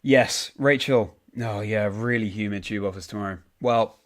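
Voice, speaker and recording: A man's voice: on the low side, normal speed. A young man streaming a game, casually reading out and answering chat messages with frequent ums. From United Kingdom.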